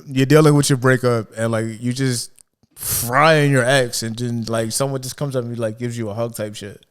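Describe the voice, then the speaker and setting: A man's voice: mid-range voice, steady tone, moderate pace, clean tone. A man hosting a podcast, laid-back and joking with his guest in slangy casual chat. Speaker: podcast host.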